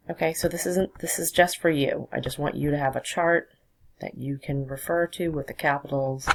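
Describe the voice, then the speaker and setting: Very low, gravelly woman teaching. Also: rough recording. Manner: patient, explanatory, talks while drawing. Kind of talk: recorded classroom lesson.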